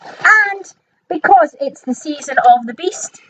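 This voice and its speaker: A woman's voice: sits high, animated, slow, a bit bright, rough recording. A woman co-hosting a live cabaret show, handing out prizes with playful, giggly teasing banter. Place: live venue on stage.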